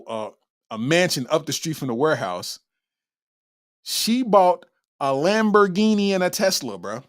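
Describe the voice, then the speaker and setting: A man hosting a comedy podcast, reacting loudly to a news story with exclamations, laughter and repeated punchlines. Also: on the high side. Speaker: podcast host. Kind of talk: comedic commentary.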